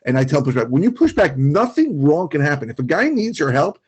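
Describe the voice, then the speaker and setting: A man's voice: a little high, very animated, fairly quick, darkish tone, breathy edge, muffled recording. A man co-hosting a podcast, speaking emphatically in a coaching tone during casual chat. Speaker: podcast co-host.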